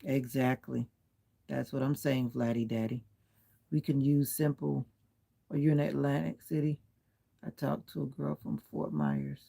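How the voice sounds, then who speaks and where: In an unhurried, medium-pitched voice with little pitch movement, a man speaks gravelly, dark, and husky. He is hosting a laid-back livestream from home, reclined on a pillow with a comforter, addressing viewer comments one by one and politely insisting on clean language.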